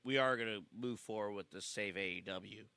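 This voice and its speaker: A man co-hosting a podcast in casual chat, animated and jokey. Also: fairly low pitch, fairly quick, clean tone, dry recording. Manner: animated, jokey, gets excited. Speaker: podcast co-host.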